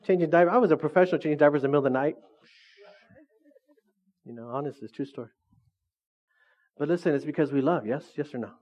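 A man's voice: on the high side, fast talker, pauses often. A middle-aged man preaching a sermon as pastor, joking and calling for answers from the congregation. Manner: joking, call-and-response with the congregation. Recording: dull lo-fi recording.

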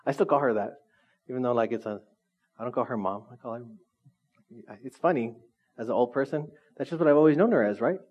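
A man preaching a sermon to a congregation in a relaxed, conversational way, often asking the room questions. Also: mid-range voice, a little fast, dull audio. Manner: conversational, lively, asks the audience questions. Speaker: pastor. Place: church hall with congregation.

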